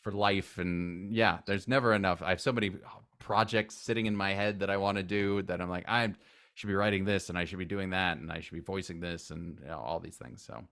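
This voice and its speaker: A man who is a guest in a casual interview, talking enthusiastically and rambling, with sudden loud acted outbursts. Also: low-pitched, steady tone, fairly quick.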